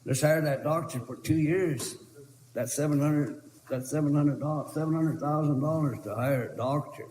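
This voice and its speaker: A man's voice: on the high side, normal speed, darkish tone. A man speaking as a tribal council representative in a meeting debate, earnest and pleading, repeating himself. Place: council chamber. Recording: echoey council chamber with faint noise.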